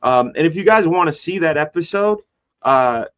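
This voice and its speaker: In a slightly dull, lo-fi recording, a guest who is a comic book artist spins a lively story during a conversation. This adult man talks at a normal pace, voicing the characters he quotes with dramatic pitch leaps, while his delivery stays loose and rambling, full of fillers and restarts.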